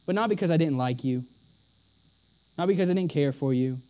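A man delivering a sermon in a notably high voice. He presses each point hard and often says it twice for weight. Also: a little fast, dark tone. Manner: emphatic, repeats lines for stress. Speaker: preacher.

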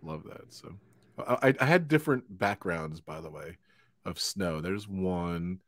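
A man's voice: low-pitched, animated, a little slow, fairly bright tone, dry recording, clean studio sound. A man hosting a live stream from home, chatting casually and laughing often as he wraps up the show. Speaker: livestream host. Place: home in New York.

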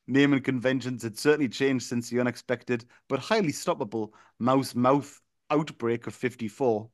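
A man reads a silly story aloud to his co-host. His pitch sits in the middle of the male range and his delivery stays deadpan, slipping into chuckles. The recording is close and completely dry. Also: normal speed, hardly any pauses, no echo. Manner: deadpan reading, breaking into chuckles. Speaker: podcast co-host reading a listener's story.

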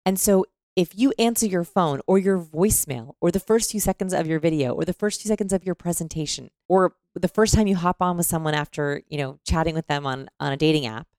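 Low, gravelly-toned woman, animated podcast explainer, dry close sound. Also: a little fast, few pauses, dry recording. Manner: animated, demonstrates voices mid-explanation.

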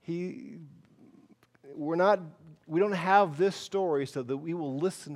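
High-voiced preacher telling a story. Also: male voice, slow pace, creaky. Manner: dramatic storytelling, swinging from loud to hushed. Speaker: pastor. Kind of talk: sermon.

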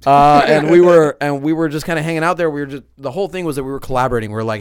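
Podcast guy, loan officer, smooth clear voice, acts out everyone in his stories, swears a lot. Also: mid-range voice, quick pace, hardly any pauses, no echo, studio quality. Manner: animated storyteller who acts out quoted people; profane, joking banter. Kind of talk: casual podcast chat.

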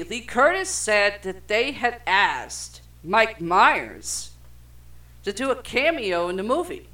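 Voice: mid-range voice, sharp tone. A young adult podcast co-host reading film trivia aloud in casual chat, swearing freely and stumbling over words.

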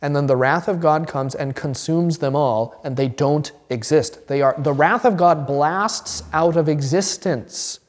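A man's voice: fairly high pitch, unhurried, hardly any pauses. A man teaching as a pastor in a conversational, informal sermon, acting out little voices in his examples. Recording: reverberant hall.

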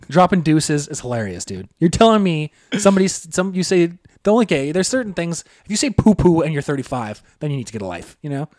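A man's voice: fairly high pitch, sing-song, fairly quick, darkish tone, no echo. Young male podcast co-host, loose and foul-mouthed, dry close mic. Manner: rambling, profane storytelling with laughs. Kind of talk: casual chat.

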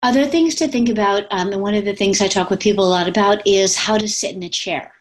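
A woman speaking coach talking casually to her camera at home, with lots of fillers and quick demonstrations of different voices. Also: mid-range voice. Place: at home with pets. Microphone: webcam.

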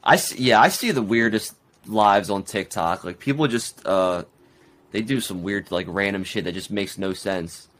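A man's voice: on the low side, normal speed, fairly bright tone. A young man co-hosting a podcast, chatting in a laid-back, bemused way. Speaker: podcast co-host. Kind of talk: casual podcast chat.

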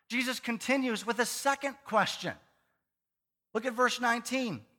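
A male pastor with a high, bright, forceful voice, preaching in a lively, conversational way with playful asides. His voice carries a long reverb through the church sanctuary. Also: normal speed. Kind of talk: sermon.

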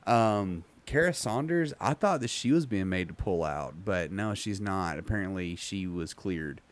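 A man hosting a casual podcast, rambling with many ums and reading an article aloud haltingly. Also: sits low, lively intonation. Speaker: podcast host.

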